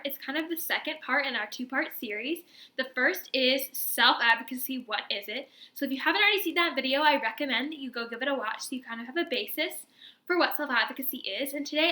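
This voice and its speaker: An upbeat woman explains things casually, walking the viewer through steps. Her voice is high and sharply bright, and her lively delivery carries a roomy echo. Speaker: video creator and learning-disability advocate.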